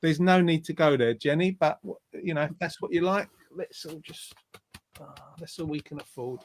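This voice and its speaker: A man with a fairly high voice hosts a live online show. He reads viewer comments aloud in a chatty, rambling way. He stumbles and restarts his sentences, and he is heard over a video call. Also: normal speed. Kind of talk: casual live-stream chat, reading out viewer comments.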